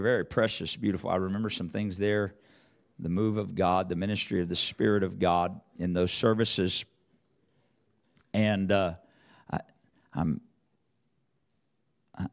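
A middle-aged man preaching a sermon, telling a personal story with rambling restarts and rising intensity. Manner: rambling, restarts, rises in pitch and volume as the story builds.

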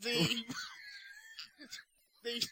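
A man's voice: very slow, raised voice, a crowd in the background. A man voicing a fussy, officious alien scientist with a prim, formal manner, in improvised comedy. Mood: prim, impatient. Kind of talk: improvised comedy role-play.

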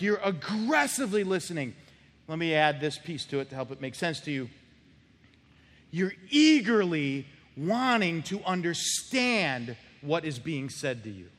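Pastor guy preaching, voice jumps all over, big echoey church. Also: fairly high pitch. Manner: animated, acts out little scenes with shifting voices. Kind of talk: sermon. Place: church sanctuary. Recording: long church hall reverb.

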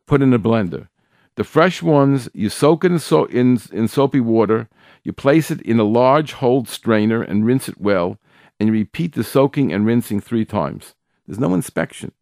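Older man with halting, repetitive radio instructions. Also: lowish voice, a little mellow, no echo, clean studio sound. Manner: repeats key steps, frequent restarts and stammers; emphatic, stressing single words. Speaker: radio host giving kosher food guidance.

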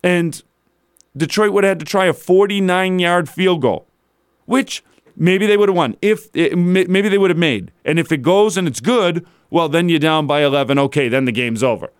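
A man hosts a sports talk show, his voice sitting a little high for a man. He rants in disbelief, piling rhetorical question on question. The sound is dry and close, with no room around it. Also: normal speed, clean tone, no room sound. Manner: incredulous, builds to exasperated rhetorical questions. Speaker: sports radio host. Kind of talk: animated sports talk rant.

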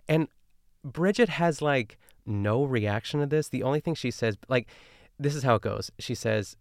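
A man's voice: medium pitch, normal speed, clear, resonant tone, dry recording, studio quality. A man hosting a podcast in casual chat, rambling and chatty with lots of fillers and tangents. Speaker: podcast host recapping a cooking show.

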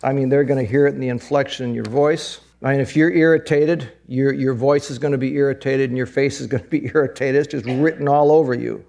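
Gravelly-voiced male pastor preaching. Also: mid-range voice, steady tone, fairly quick, few pauses, darkish tone. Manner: earnest, conversational preaching with repetitions. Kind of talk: sermon.

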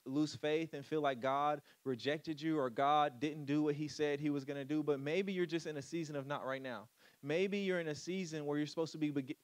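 Male pastor, casual joking sermon delivery, slightly high voice, dry close sound. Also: no room sound. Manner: casual, joking preacher voice with "come on" asides.

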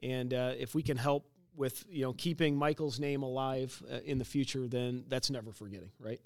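A man's voice: medium pitch, steady tone, normal speed. A plain-spoken man talks earnestly and steadily in a casual interview. The room around him is dry and close, with almost no echo. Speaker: company co-founder.

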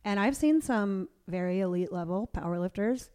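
A woman hosts a casual interview podcast with a mellow, relaxed tone. She tells stories in a chatty, animated way. She acts out what other people said. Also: medium pitch, normal speed, clear, resonant tone. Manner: chatty, animated storytelling with quoted voices. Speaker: podcast host; powerlifting coach and competitor.

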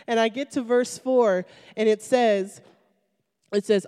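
A woman's voice: on the high side, steady tone, slow pace, pauses often, mellow, clear, resonant tone. Chatty young woman in an echoey hall. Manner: chatty storytelling with many fillers. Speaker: speaker sharing a testimony. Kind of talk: personal faith testimony. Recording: long hall reverb.

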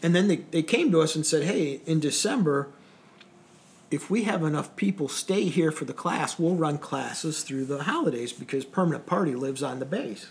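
Gravelly man telling a service story. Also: fairly high pitch, expressive, moderate pace. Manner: rambling, wry, trails off quietly at phrase ends. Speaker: Coast Guard veteran telling his story. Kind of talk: casual anecdotal storytelling.

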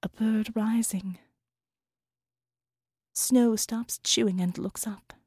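Slow hushed woman narrating dark fiction. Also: fairly high pitch, steady tone, husky, no room sound. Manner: slow, dropping often to an unvoiced whisper. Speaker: narrator, voiceover artist. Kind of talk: dramatic fiction reading.

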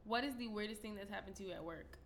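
A woman's voice: mid-range voice, quick pace, vocal fry, a little hiss or hum. Chatty woman telling a story. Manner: chatty storyteller, lots of "like", acts out other people's words. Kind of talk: casual chat.

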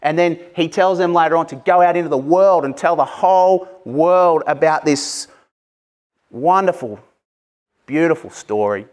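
Passionate, animated male preacher. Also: fairly high pitch, normal speed. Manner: passionate, animated, conversational with asides. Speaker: pastor. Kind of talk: Easter sermon.

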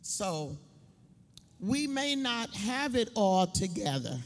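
A middle-aged woman giving a personal testimony in church, telling her story slowly and emphatically, laughing between lines. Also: medium pitch, big pitch swings. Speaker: church speaker. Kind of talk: sermon testimony. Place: church building. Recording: long hall reverb.

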